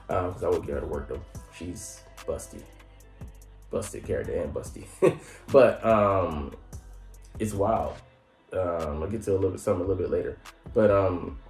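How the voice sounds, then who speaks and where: Low-voiced man recapping anime excitedly. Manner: excitable, slangy, laughs often, jumps into high mock voices. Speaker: anime reviewer. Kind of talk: casual episode recap. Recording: roomy echo with faint music.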